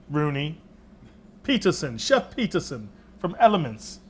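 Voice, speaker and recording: Man, cooking show host, jokey banter, slightly high voice. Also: expressive, unhurried. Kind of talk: casual studio chat.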